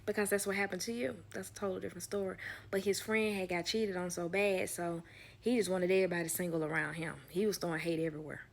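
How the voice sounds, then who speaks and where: A woman's voice: lowish voice, fast. A woman nanny telling work stories in a casual, sassy storytime, acting out the people in them and dropping to a whisper for asides. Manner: animated, sassy, acts out quoted people.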